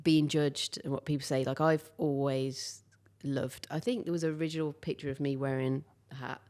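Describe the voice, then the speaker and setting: A woman hosting a podcast, telling rambling, animated anecdotes in a conversational interview. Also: a bass voice, moderate pace. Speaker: podcast host.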